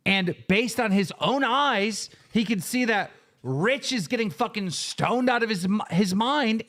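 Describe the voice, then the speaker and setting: A man's voice: high voice, fairly bright tone. A man hosting a live stream, reacting to clips in a heated, profane rant and often repeating himself.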